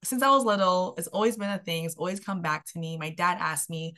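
A young woman shares her own story in a podcast interview, her pitch sitting a touch low. She talks in an animated way, leaning on "like" and acting out what she said back then. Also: fairly quick. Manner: animated storyteller, filler-heavy with frequent "like". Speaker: guest, health and mindset coach.

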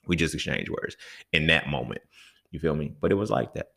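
Hosting a casual solo podcast, a young man gets heated and profane in conversation, often checking in with "you feel me." His bass voice is animated and a little fast, with vocal fry, a bright, forceful tone, and a breathy edge.

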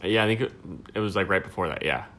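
A man in his thirties chatting casually, telling stories in a relaxed, swearing way. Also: deep voice, quick pace, slight background noise. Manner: laid-back, swears freely, storytelling. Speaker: co-host. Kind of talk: casual chat.

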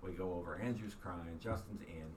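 A man's voice: low voice, moderate pace. A man hosting a podcast, telling a rambling, self-mocking personal story in casual chat with lots of fillers. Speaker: podcast host. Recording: distant mic, faint background hiss.

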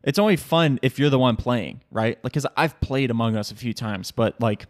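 A man's voice: medium pitch, moderate pace, no echo, studio quality. A young man hosting a casual solo podcast, rambling with swearing and frequent laughter, recorded at home on a podcast mic. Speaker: podcast host. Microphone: podcast microphone.

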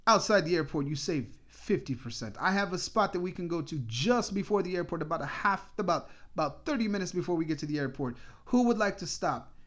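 A man impersonating a loud, chatty taxi driver with a salesy pitch. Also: lively intonation, fairly quick, hardly any pauses.

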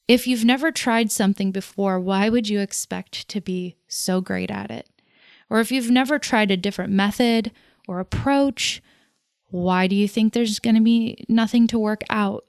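A woman's voice: medium pitch, clear, resonant tone, dry recording, studio quality. A woman hosting a casual, reflective monologue. She rambles, goes off on tangents and laughs at herself as she talks.

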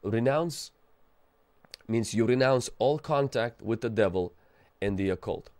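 A man preaching a sermon with passion, swinging between fervent outbursts and quieter urging, mixing casual slang into his preaching. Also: medium pitch, animated, a little slow. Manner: impassioned, rising and falling intensity, calls to the audience.

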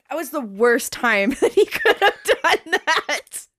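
Podcast co-host, woman, high and very animated voice, swears and laughs a lot, video call. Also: slow. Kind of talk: casual chat over video call.

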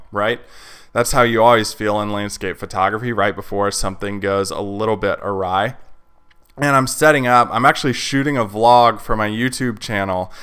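Podcast host, man, mid pitch, clean resonant voice, casual chatty storyteller. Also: pushed and bright, clean tone. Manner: chatty, lots of fillers like "like" and "you know".

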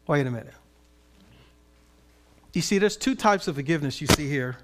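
A man preaching a sermon in an animated, conversational way with playful asides. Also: on the high side, moderate pace, noisy background. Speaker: pastor.

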